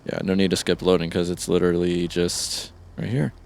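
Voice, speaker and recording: A man with a very low voice and a gravelly edge gives casual gameplay commentary. He talks easily, thinks aloud with plenty of fillers and chuckles at his own mishaps. A faint hiss sits underneath. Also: steady tone, normal speed, darkish tone. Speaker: let's play host.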